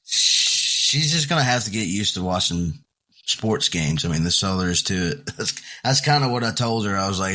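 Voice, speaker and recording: A man co-hosting a sports podcast, calmly breaking down games in a casual chat. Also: deep voice, moderate pace. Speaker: podcast co-host.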